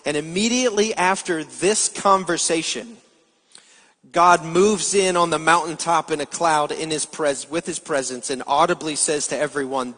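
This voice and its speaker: Male pastor, sermon, fairly high voice, long hall echo, explanatory, rhetorical questions. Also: normal speed, fairly bright tone.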